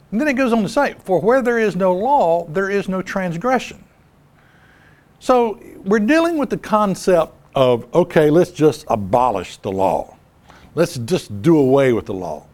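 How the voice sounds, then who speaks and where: Emphatic man preaching with lively pitch. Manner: emphatic, rhetorical questions, repeats key phrases. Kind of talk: sermon.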